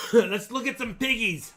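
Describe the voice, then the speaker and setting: A man hosting a live coin auction stream, chatty and excitable, joking as he shows coins. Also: very high voice, slow pace, soft background music. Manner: chatty, excitable, jokes while showing coins. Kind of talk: casual live auction chat.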